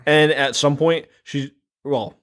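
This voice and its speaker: A man's voice: a little high, fairly even intonation, slow, smooth. A man co-hosting a podcast, chatting with wry sarcasm and frequent laughter. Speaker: podcast co-host. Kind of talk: casual chat recapping a movie.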